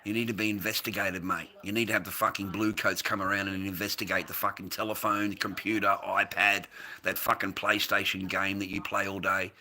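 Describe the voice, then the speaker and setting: A man with an Australian accent talks to his viewers on a livestream, swearing constantly and picking fights. His voice sits very low, yet it has a sharp, tense edge. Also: level tone, brisk. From United States. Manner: profane, combative, swears constantly. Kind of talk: casual livestream chat answering viewers.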